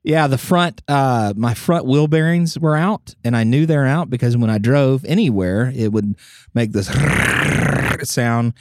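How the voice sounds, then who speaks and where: A man's voice: medium pitch, moderate pace, darkish tone, no echo, studio quality. A man co-hosting a podcast in casual chat, joking around and sometimes slipping into silly voices. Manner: jokey, playful, breaks into silly voices. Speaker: podcast co-host.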